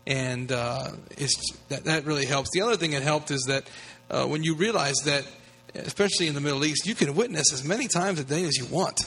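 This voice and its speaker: A man's voice: fairly high pitch, a little fast, fairly bright tone, breathy edge. A man from the United States, a guest telling a personal story in an earnest, conversational way. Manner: earnest, with frequent restarts. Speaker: guest speaker on evangelism.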